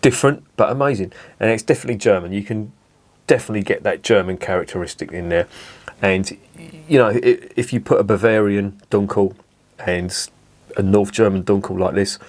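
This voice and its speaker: Chatty man reviewing beer, low voice. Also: fairly quick. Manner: chatty, rambling, savouring. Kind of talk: casual tasting review to camera.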